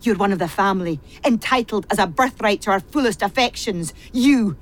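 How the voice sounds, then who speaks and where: A woman's voice: medium pitch, expressive, a little fast, close to an everyday voice. An actress playing a bitter, repressed woman who has served a family since childhood, pouring out a venomous confession in a radio play.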